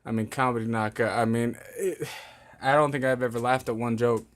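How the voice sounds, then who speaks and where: A man's voice: mid-range voice, steady tone, fairly quick. A young man hosting a casual chat show, rambling and joking with crude banter. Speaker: podcast host.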